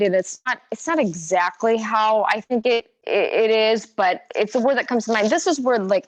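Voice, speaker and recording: A woman giving a casual guitar lesson who thinks aloud, with plenty of fillers as she explains. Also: medium pitch. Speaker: guitar teacher. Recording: slightly dull recording with guitar. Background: her own guitar playing.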